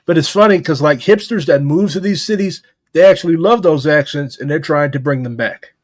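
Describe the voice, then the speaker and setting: A man's voice: fairly high pitch, a little fast, dry recording, clean studio sound. A young man from St. Louis hosting a casual podcast chat, loose and profane, with lots of "like.". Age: young adult. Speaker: podcast host.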